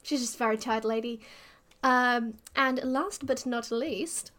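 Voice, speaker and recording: A woman's voice: on the high side, fairly even intonation, measured pace, fairly bright tone. A woman player on a tabletop game podcast, rambling with hesitant fillers. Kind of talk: casual podcast chat.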